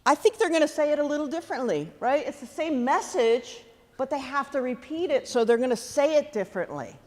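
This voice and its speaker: A woman clinician coaching a student wind band in rehearsal, lively and full of questions to the players. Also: high voice, a little fast. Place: large theatre stage. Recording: long hall reverb.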